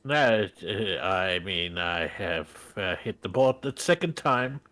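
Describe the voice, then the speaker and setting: A man playing a tabletop game who talks in a halting way, pausing often and narrating the action like a mock commentator. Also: sits low, expressive, pushed and bright. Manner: halting, full of pauses. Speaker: player. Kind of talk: hesitant in-character commentary.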